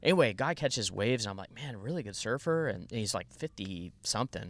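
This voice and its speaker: A man's voice: fairly low pitch, fairly quick. Rambling man telling a story. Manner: rambling and animated, with lots of restarts. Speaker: podcast guest. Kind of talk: casual storytelling.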